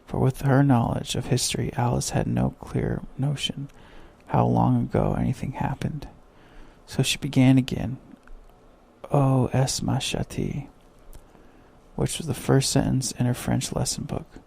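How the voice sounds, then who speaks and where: A man reads a bedtime sleep story in a slow, soft manner. His voice is deeply gravelly and mellow, with a husky texture. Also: flat delivery. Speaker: narrator.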